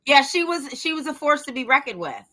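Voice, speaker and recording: A woman's voice: sits high, very animated, a little fast, pushed and bright. A middle-aged woman co-hosting a podcast, talking bluntly and profanely in casual chat and laughing often. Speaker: podcast co-host.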